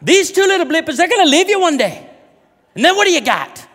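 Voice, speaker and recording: A man playing a loud, tipsy middle-aged woman in a pub, in a wobbly put-on Irish accent, bossy and boisterous. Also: extremely high pitch, very animated, brisk, pitched above the performer's own voice, full character voice. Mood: ranting. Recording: large hall reverb.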